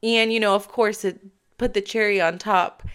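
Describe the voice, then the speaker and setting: Animated motivational woman vlogger. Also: mid-range voice, moderate pace, smooth. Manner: animated, emphatic, acts out her inner thoughts; self-assured. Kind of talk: casual motivational talk.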